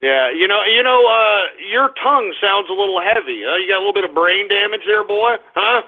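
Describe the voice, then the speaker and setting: A man hosting a call-in radio show rants at his callers in a high, gravelly voice with a husky edge. He bellows and sneers. The sound is thin and phone-like. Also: expressive, a little fast. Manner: loud, blustering, taunting callers. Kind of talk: ranting call-in radio talk. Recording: phone-quality lo-fi broadcast audio.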